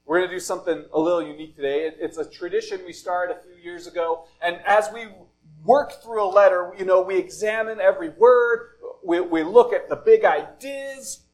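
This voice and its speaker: High-voiced male pastor preaching. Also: rough recording. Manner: deliberate phrasing, often dropping to a soft, low close. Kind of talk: sermon.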